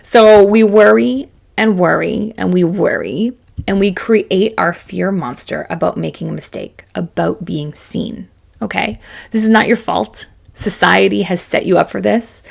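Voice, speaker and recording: A woman's voice: mid-range voice, measured pace, vocal fry. A woman in her forties giving a chatty, self-deprecating motivational talk to camera as a business coach, laughing often.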